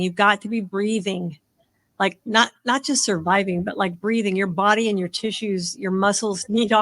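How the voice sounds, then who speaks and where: A woman in her sixties hosting a podcast, talking fast and rambling with lots of "like" fillers. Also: medium pitch, a bit bright, no room sound. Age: 60s. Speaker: podcast host. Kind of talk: casual podcast chat.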